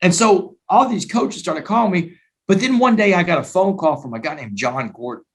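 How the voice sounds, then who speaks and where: An animated man tells his story as a talk-show guest. His voice sits fairly high, and he keeps pressing his points with emphatic restarts. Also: moderate pace. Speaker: guest author and speaker.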